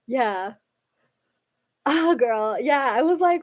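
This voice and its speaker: A chatty young American woman talks to her livestream viewers in a loose, rambling way, filling her sentences with "like" and "girl." Her voice sits a little high for a woman. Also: slow pace, pauses often. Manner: chatty, says "like" and "girl" a lot. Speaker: livestream host. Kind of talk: casual chat with live viewers.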